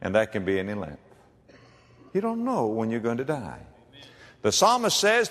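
A man's voice: fairly low pitch, huge pitch swings, normal speed, pauses often. Dramatic preacher man in a reverberant hall. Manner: dramatic, swinging between ringing emphasis and hushed tones. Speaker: pastor. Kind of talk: sermon.

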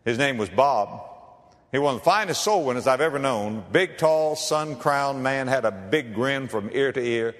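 A man preaching a sermon as pastor, dramatic, swinging between ringing emphasis and hushed tones. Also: mid-range voice, animated, moderate pace. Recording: reverberant hall.

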